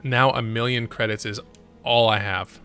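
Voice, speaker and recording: A man's voice: mid-range voice, fairly even intonation, normal speed, bright, forceful tone, clear, resonant tone, soft background music. A man thinking aloud and muttering as he streams a strategy game. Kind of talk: casual gameplay commentary.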